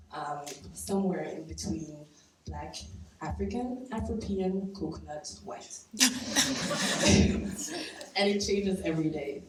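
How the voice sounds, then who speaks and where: A woman from Belgium telling a personal story to a live audience, casual and conversational, laughing at her own lines. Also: fairly low pitch. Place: stage at a live storytelling event. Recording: echoey room from far off, faint noise.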